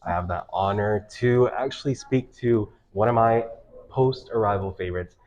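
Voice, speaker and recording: A man hosting an interview, friendly, asking questions in a halting way with fillers. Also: on the low side, a little mellow, muffled recording. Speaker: interview host. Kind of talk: casual interview.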